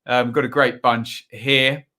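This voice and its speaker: Bright-voiced man hosting a football watchalong. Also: mid-range voice, flat delivery, slow. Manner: chatty, rambling commentary full of asides and tag questions. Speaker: watchalong host. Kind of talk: live football watchalong commentary.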